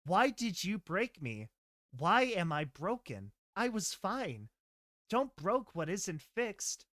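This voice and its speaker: Unhinged giggly pegasus mare, voiced by a man; high, singsong, obsessive repeats; dry close mic. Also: very animated, takes it slowly, a bit bright, no echo, exaggerated voice. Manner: singsong, giggling, fixated repetition.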